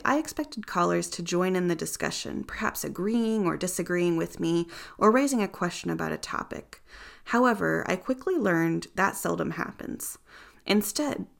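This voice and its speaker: A woman's voice: fairly low pitch, lively intonation, normal speed, gravelly. A woman narrating a nonfiction audiobook in the first person, earnest and reflective.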